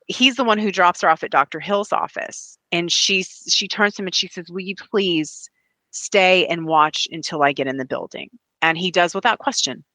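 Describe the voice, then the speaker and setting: A bright-toned woman talking on a podcast, animated and quick to slip into impressions of the people she describes. Her voice is close and dry, with no room sound around it. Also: fairly low pitch, no echo. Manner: animated storyteller, mimics voices and accents. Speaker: podcast guest. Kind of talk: casual chat.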